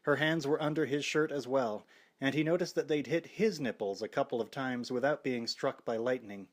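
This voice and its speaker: A man narrating a horror novel audiobook in a wry, expressive way. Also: medium pitch, normal speed.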